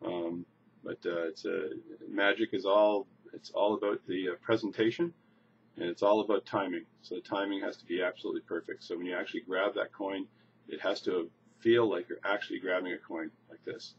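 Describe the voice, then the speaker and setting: A low-pitched man walks through a coin trick in a relaxed, informal way, often repeating words as he demonstrates. The recording is a bit muffled, with a faint background hiss. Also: a little fast. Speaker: magician teaching a coin trick. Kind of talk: casual demonstration tutorial. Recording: slightly dull lo-fi recording with faint noise.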